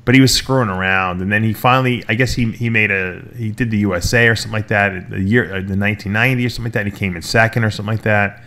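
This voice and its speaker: A man with a lower-pitched voice hosts a casual talk, retelling a long story. He rambles, restarts himself and slips into quoted lines from the people in it. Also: fairly even intonation, very fast, bright, forceful tone. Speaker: podcast host.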